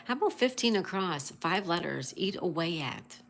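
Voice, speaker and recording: A woman's voice: lowish voice, lively intonation, moderate pace, gravelly, fairly bright tone, slight background noise. A woman hosting a casual livestream, greeting viewers, reading chat aloud and spelling out crossword answers. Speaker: livestream host.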